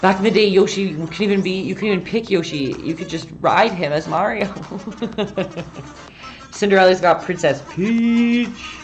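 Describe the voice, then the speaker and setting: Faint music plays behind this painting instructor as she runs a casual livestream. Her voice is medium-pitched and moderately paced, and she's talkative, reading out comments from viewers and breaking off partway through sentences.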